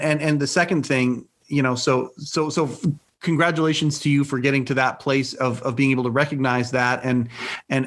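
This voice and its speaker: A man in the host's chair of a podcast, speaking at an ordinary middle pitch. He talks earnestly and casually, restarting and repeating words as he works through his thoughts. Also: fairly bright tone. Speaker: podcast host. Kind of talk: casual interview conversation.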